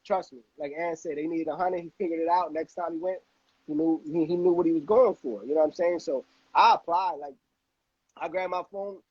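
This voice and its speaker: Male host, high husky voice, animated slangy rambler, dry lo-fi audio. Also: fairly quick, no room sound. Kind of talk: casual chat.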